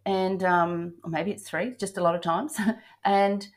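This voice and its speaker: Older woman host, lowish voice, chatty and upbeat, casual travel podcast. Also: level tone, measured pace, slight background noise. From Australia. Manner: chatty, upbeat, frequent fillers and restarts.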